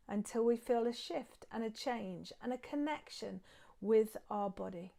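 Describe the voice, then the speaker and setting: A woman teaching acupressure and breathing, guiding listeners calmly step by step while she demonstrates on her own hands. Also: on the high side, a little slow, gravelly. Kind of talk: guided acupressure and breathing instruction.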